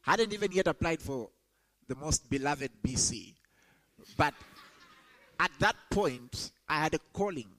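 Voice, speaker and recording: A young adult man preaching a sermon to students, rising sharply in pitch when he quotes scripture. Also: expressive, unhurried, long pauses, a bit bright, poor audio. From Zambia. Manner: emphatic, rises sharply when quoting scripture.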